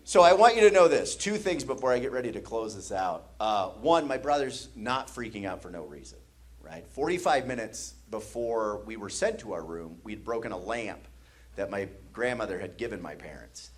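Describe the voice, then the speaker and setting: Animated midwestern stand-up comedian. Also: male voice, lowish voice, moderate pace. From American Midwest. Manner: animated storytelling with sound effects and laughter. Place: comedy stage.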